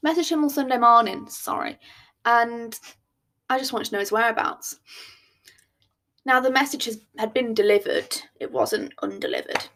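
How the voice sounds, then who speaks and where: Woman podcast host, casual storyteller, slightly high voice, self-mocking. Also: normal speed, pauses often, fairly bright tone.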